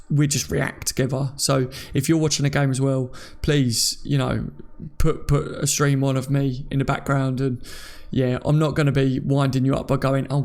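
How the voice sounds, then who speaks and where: Chatty English man with a gravelly voice. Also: medium pitch, darkish tone. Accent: English, from near London. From England. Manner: chatty and jokey, laughs often. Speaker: live stream host. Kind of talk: casual live stream chat reading comments.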